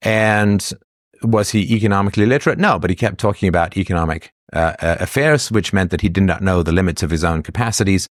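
Low-voiced male commentator, dry close sound, lecturing with rhetorical questions. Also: dry recording. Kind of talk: solo political monologue.

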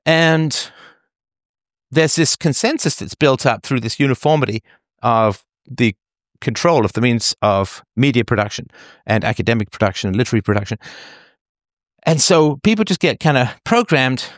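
A male author holds forth in a conversation, emphatic and digressive, with a dry, slightly sardonic edge. His voice sits at an ordinary middle pitch. The sound is close and dry, with no room to it. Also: expressive, moderate pace, no echo. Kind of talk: conversational interview.

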